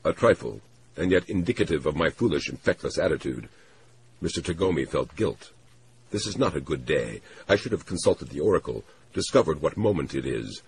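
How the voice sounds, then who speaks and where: A man reading a novel aloud in a measured, expressive storytelling manner. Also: extremely low pitch, a little hiss or hum, low-quality recording. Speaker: reader.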